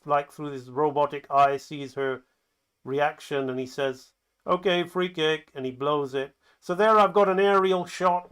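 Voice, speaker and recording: A man's voice: fairly high pitch, smooth. A man who teaches animation talks through his own animatic in a loose, chatty way, calling the action play by play. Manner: lively, excited commentary that acts out the scenes; loose, chatty, with fillers and restarts. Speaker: animation instructor.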